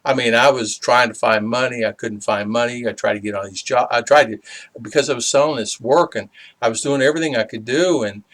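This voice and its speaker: A man's voice: medium pitch, a bit bright. Rambling middle-aged man telling a story. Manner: rambling and halting, with many fillers and restarts. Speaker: small business owner sharing a faith reflection. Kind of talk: personal storytelling testimony.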